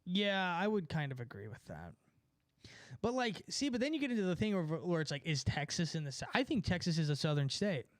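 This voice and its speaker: A man's voice: a little high, big pitch swings, a little fast, dry recording, studio quality. A young man from California in a casual, sarcastic rant, mocking people and laughing at his own points. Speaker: streamer. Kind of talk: casual ranting chat.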